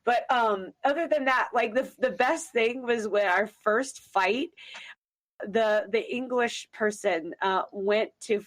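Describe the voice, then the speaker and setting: An American woman talks on a podcast in a fairly high voice. She chats loosely and laughs easily, often starting a sentence over before finishing it. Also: takes it slowly. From United States. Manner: chatty, laughing, trailing off into restarts. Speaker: podcast co-host. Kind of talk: casual chat.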